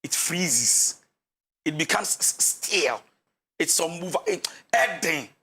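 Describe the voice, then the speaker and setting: A man's voice: on the high side, expressive, a little slow, bright, forceful tone, husky. A man with a Ghanaian accent giving marriage advice as a pastor on a talk show, switching between English and Twi and acting out the quarrels of couples. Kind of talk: animated talk-show counsel.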